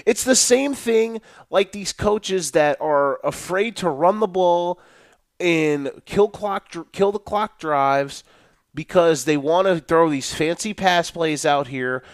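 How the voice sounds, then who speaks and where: A young man hosting a solo football talk show, ranting in an animated, profane way about coaches. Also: fairly high pitch, slow pace, no room sound, clean studio sound. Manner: animated, profane, mocking coaches in a put-on boastful voice. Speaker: sports podcast host.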